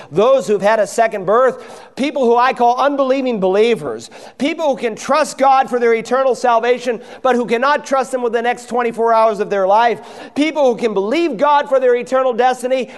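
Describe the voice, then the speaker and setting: Male pastor, high resonant voice, impassioned sermon delivery, big reverberant church. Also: smooth. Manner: impassioned preaching, acting out quoted voices. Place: church sanctuary.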